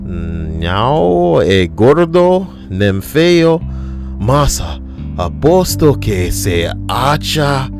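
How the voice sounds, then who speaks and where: A man reading out the mocking words of a rude young woman, slow and a little higher than his own voice. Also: very animated, over music, exaggerated voice.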